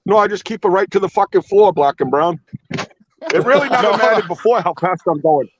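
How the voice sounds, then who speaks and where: A man with a New England accent, calling in while driving, rambling and swearing in a loud, rowdy way. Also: high-pitched, lively intonation, fairly quick, husky. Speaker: regular caller. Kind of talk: casual chat while driving. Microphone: phone. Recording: lo-fi phone audio.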